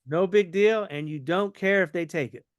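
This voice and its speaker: A man's voice: high-pitched, moderate pace, clear, resonant tone, dry recording. A man coaching someone on sales in a casual conversation, acting out both sides of a call to show how each line should sound.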